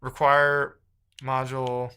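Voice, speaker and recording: A man's voice: mid-range voice, level tone, slow, sharp tone, clean tone. A man live-streaming while he codes, talking casually and reading the chat aloud in a frustrated, muttering way.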